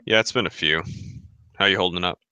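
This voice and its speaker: A man playing in a tabletop role-playing game, chatting casually with small hesitations. His voice is low yet very bright and sharp-edged, smooth and clear. It is recorded dry and close. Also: a little fast, no echo, highs cut off. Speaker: player. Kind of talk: tabletop role-play chat.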